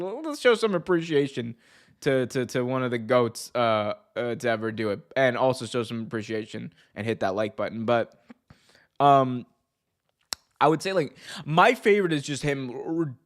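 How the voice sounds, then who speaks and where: A man hosting a wrestling podcast in casual chat, excited and laughing, stumbling over restarts and shouting out commentators' famous lines. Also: medium pitch.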